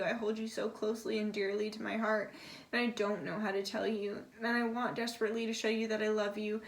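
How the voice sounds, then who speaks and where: A young woman with a slightly high voice talks through a tarot spread in a loose, chatty way. She relays messages in a soft, confiding tone and drops casual swears as she goes. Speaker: tarot reader. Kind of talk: casual channeled tarot reading.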